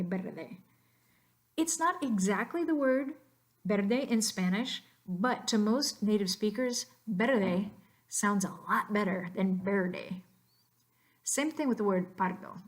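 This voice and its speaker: A woman with an American English accent, teaching Spanish pronunciation in a narrated slideshow lesson and drilling words by repetition. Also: mid-range voice.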